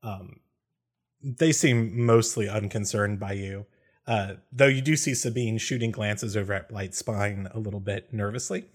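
A man's voice: fairly low pitch, measured pace. A man narrating a tabletop game as game master, hesitant, with frequent fillers.

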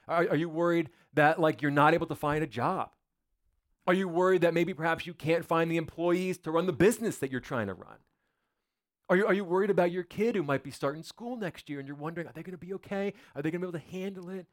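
A man's voice: a little high, quick pace. A male pastor preaching a sermon in a church, in a conversational, joking way full of rhetorical questions.

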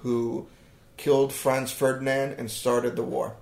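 A man's voice: medium pitch, little pitch movement, measured pace, creaky, darkish tone. A man joking in sarcastic, mock-conspiratorial banter, often swearing as he co-hosts a comedy podcast. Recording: roomy echo.

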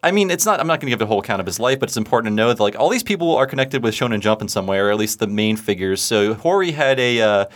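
A man's voice: on the low side, expressive, very fast, few pauses. A man hosting a podcast, talking loosely and chattily with frequent fillers. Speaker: podcast host. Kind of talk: casual podcast chat.

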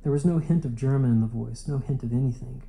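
Man narrating, dark mellow voice. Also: medium pitch, fast talker, gravelly, rough recording. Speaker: audiobook narrator. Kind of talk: literary audiobook narration.

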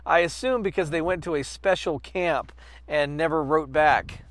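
A man co-hosting a podcast in casual chat, rambling with many fillers and bursting into loud impressions. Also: a little high, normal speed, dry recording. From United States. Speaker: podcast co-host.

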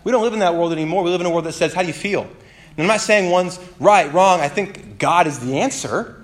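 A man preaching a sermon as pastor, animated and conversational, with playful asides and calls for the congregation to respond. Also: high-pitched, fairly quick.

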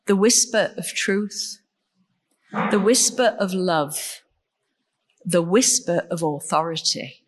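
Slow-preaching woman in an echoing hall. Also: mid-range voice. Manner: slow, measured, with rhetorical questions. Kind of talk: sermon. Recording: long reverb in a large hall.

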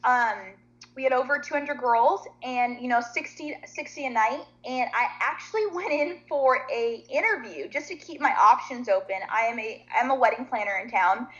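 A woman guest on a talk show, telling a story in a lively, chatty way and acting out what other people said. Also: fairly high pitch, normal speed, lo-fi sound. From Nashville, Tennessee. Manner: animated, chatty storyteller who acts out quotes. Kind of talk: casual storytelling.

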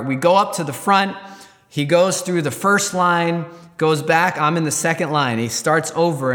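A man's voice: on the high side, a bit bright. Man telling a church story in a reverberant room. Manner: candid, rambling with frequent restarts. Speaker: Christian storyteller. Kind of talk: personal testimony.

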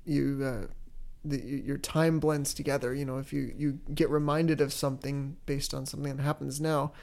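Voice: mid-range voice, little pitch movement, moderate pace, creaky, darkish tone. Casual, swearing podcast co-host. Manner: casual, swears freely, many "like" fillers. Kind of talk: casual chat recapping a TV episode.

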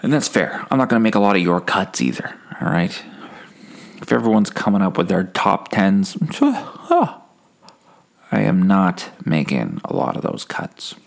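A man with a low, gravelly voice delivers an absurdist comic monologue in a deadpan way. His pitch swings widely as he wanders and corrects himself. He steers everyday stories toward dark punchlines. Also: unhurried. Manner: deadpan, rambling with self-corrections. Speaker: comedy podcast host.

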